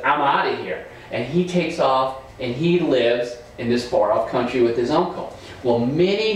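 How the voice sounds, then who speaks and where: A man teaching a Sunday school class of children, retelling a Bible story in a lively, playful way. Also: medium pitch, a little hiss or hum. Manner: animated storytelling to kids. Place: church room. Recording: echoey room, far from mic.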